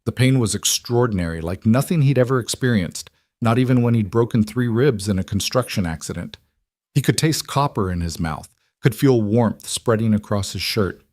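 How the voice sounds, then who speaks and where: A man narrating a dramatic story in a steady, scripted storytelling manner. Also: fairly low pitch, normal speed, dry recording, studio quality.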